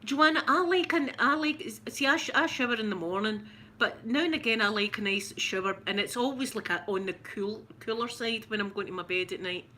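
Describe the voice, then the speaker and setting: Giggly Scottish woman, bright voice. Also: a little high, brisk, a little hiss or hum. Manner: chatty, giggly, rambling with restarts. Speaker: ASMR livestream host. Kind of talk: casual live chat with viewers.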